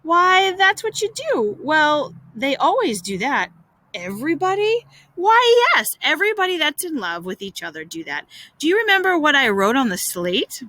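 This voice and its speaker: A woman's voice: sits high, very animated, moderate pace, sharp tone, no echo, voice pushed up, heavily acted. A woman voicing an eager, boastful young schoolboy who coaxes and brags, read aloud in a storybook reading.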